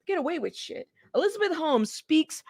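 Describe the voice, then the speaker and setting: A woman hosting a casual reaction commentary, chatty and animated, talking straight to her viewers and laughing often. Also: high-pitched, normal speed. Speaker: host of a commentary channel.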